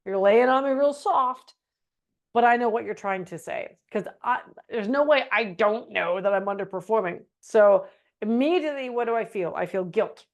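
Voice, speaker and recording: A middle-aged woman presenting a webinar in a casual, animated teaching style, slipping into meek voices for examples. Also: on the high side, normal speed, highs cut off. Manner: animated, acts out quoted phrases in a meek voice.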